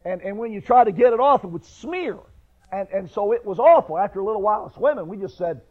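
High-voiced preacher man on tinny radio. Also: lively intonation, quick pace. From northern New York. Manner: homespun, anecdotal, builds to raised emphasis. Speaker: pastor. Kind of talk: sermon with folksy storytelling. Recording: tinny phone-like radio recording.

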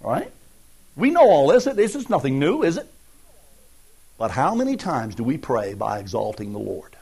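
A man's voice: medium pitch, huge pitch swings, normal speed, creaky, darkish tone, breathy edge. A man preaching a folksy, conversational sermon and acting out everyday asides. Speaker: pastor.

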